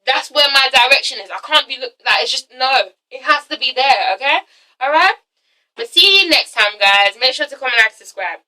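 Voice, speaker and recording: Young woman vlogger, high and very bright voice, emphatic and outspoken, swears a lot, keeps checking in with "okay?", mic set back a little. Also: normal speed, far from the mic, rough recording. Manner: emphatic, swears freely, frequent okay and all right tags; animated, acts out quotes with big pitch jumps. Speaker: vlogger reviewing a reality show. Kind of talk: casual vlog review.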